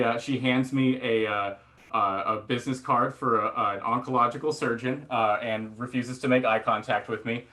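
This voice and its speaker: A male stand-up comedian tells a long self-deprecating story, bright and forceful in tone. He rambles with plenty of fillers and restarts and acts out quotes of other people along the way. It is a live comedy performance on a theatre stage. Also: medium pitch. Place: theatre stage before a laughing audience.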